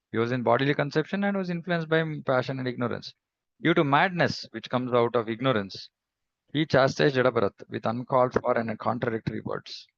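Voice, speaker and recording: A man giving a devotional scripture class in a reflective, measured way, pausing often and humming between thoughts. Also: medium pitch, vocal fry, dry recording, lo-fi sound. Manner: reflective, measured, with pauses and hums. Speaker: scripture teacher.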